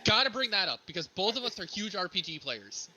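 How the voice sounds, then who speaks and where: A man co-hosting a podcast, chatting casually about video games, excitable and swearing freely. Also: high voice, fairly quick, rough recording. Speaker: podcast co-host. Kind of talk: casual gaming chat.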